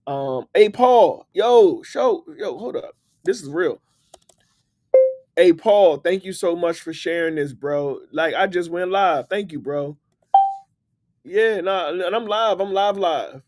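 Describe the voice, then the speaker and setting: A man with a DC accent hosting a casual livestream. His voice sits a little high and swings widely as he laughs and talks straight to his viewers, with plenty of energy. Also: expressive, slow, a little mellow. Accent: Washington DC. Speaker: livestream host and book writer.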